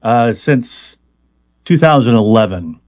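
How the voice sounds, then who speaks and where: A man's voice: mid-range voice, lively intonation, takes it slowly, darkish tone, dry recording. A man answers interview questions about his practice as a hypnotist. He explains patiently but stumbles through fillers and restarts, often repeating words before he finds his point. The sound is dry and close. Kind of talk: conversational interview.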